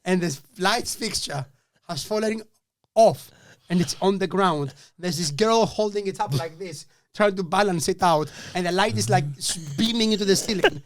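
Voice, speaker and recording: Animated high-voiced male storyteller. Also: moderate pace, few pauses. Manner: animated storyteller, swearing, acting out quotes. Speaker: comedian telling a gig story. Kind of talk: casual podcast anecdote.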